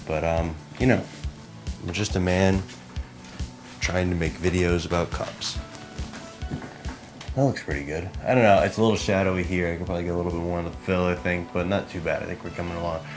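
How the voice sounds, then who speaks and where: Gravelly and low-pitched, this young man's voice belongs to a podcast co-host filming a behind-the-scenes vlog. In a small apartment converted into a studio, he sets up lights and cameras, muttering chatty, self-deprecating remarks to himself.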